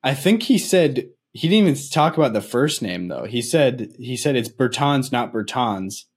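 A man's voice: mid-range voice, big pitch swings, moderate pace, slightly rough. Rambling, easygoing man with a mid-range voice. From Nebraska, USA. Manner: rambling, full of "like", laughs easily. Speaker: podcast co-host. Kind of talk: casual basketball podcast chat.

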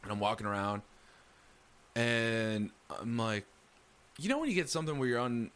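A man telling a story in casual chat, animated and acting out the lines he quotes. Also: mid-range voice, normal speed, clear, resonant tone. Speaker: storyteller recounting a ghost encounter.

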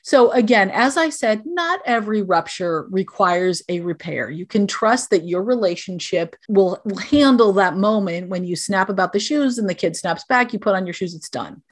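A woman's voice: mid-range voice, animated, normal speed, few pauses. A middle-aged woman, a guest on a podcast, gives parenting advice in an earnest, direct, explanatory way.

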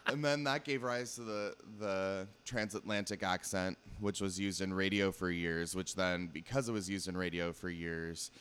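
A man's voice: low voice, steady tone, moderate pace, hardly any pauses, a bit bright, a little hiss or hum. A man with a Pacific Northwest American accent, a podcast guest chatting casually and rambling through a nerdy explanation with lots of "um"s. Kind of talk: casual chat.

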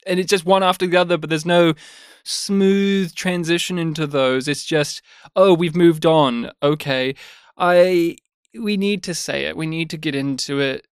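A man co-hosting a film review podcast in casual chat, animated and digressive. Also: on the high side, clean tone, no room sound, clean studio sound. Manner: animated, digressive, acts out scenes in quick put-on voices. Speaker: podcast co-host.

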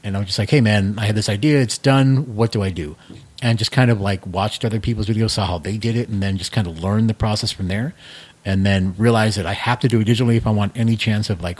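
A man in his thirties, a guest in a casual podcast chat, talking in a relaxed, rambling way with many fillers. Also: lowish voice. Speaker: guest, comic creator.

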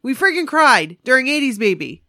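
A woman excitedly recounting a concert to a friend in casual chat, gushing and animated. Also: sits high, fairly quick, no echo, clean studio sound. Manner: animated, gushing fan storytelling.

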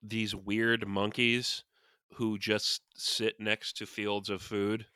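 Male co-host, casual brainstorm, rambling; low pitch, bright tone. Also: little pitch movement, takes it slowly, no room sound, clean studio sound. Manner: rambling, many fillers and restarts. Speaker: podcast co-host.

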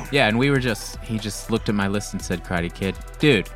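A man's voice: on the low side, normal speed, fairly bright tone, soft background music. A man co-hosting a casual podcast, laughing often, swearing freely and acting out what others said. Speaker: podcast co-host. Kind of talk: casual chat.

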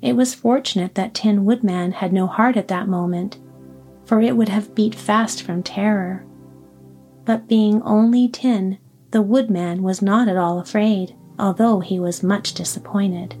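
A woman reads a classic storybook aloud in a calm, even way. Her voice is mellow and warm rather than bright. Faint music runs quietly underneath. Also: mid-range voice, measured pace, breathy edge. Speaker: audiobook narrator. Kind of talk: storybook reading.

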